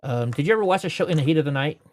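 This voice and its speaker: A man speaking as an interview guest, relaxed and rambling as he tells long stories. He keeps dropping "you know" between thoughts. The sound is dry and close, with no room echo. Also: a little high, very fast. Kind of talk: casual storytelling interview.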